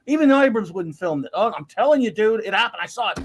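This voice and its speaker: A man's voice: sits high, expressive, fast talker. A man hosting a casual pop-culture chat, ranting animatedly and mocking other people's voices. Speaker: podcast host.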